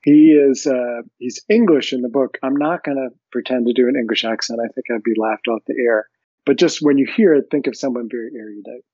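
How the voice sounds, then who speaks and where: A man hosting a book discussion, chatting in a measured way and reading a passage aloud, in a dry, slightly muffled recording. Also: mid-range voice, warm tone, dry recording. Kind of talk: casual chat and book reading.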